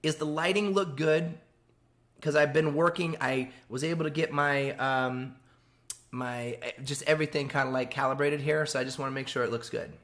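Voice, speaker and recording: A man's voice: on the high side, steady tone, normal speed, fairly bright tone. A man chatting casually on a live stream from home, rambling, laughing often and reading out viewer messages.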